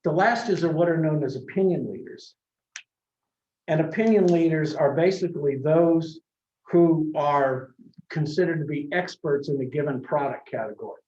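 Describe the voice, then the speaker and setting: A college marketing class is taught by a man whose voice sits on the high side, slightly mellow, at normal speed. His lecture is conversational, with anecdotes and frequent restarts, picked up by a distant mic in an echoey classroom with a dull sound.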